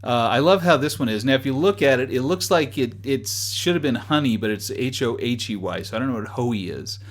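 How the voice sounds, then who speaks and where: A man's voice: mid-range voice, expressive, a little fast. Amused man giving wry commentary. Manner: amused, chuckling between remarks; wry, sarcastic asides. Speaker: dating site reviewer. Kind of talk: casual commentary.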